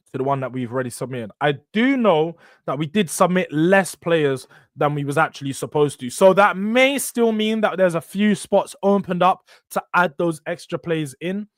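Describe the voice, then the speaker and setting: Young male streamer, high-pitched, animated and foul-mouthed, dry booth sound. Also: moderate pace, dry recording. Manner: animated ranting with swearing and slang. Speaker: football channel host. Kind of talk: live-stream football chat.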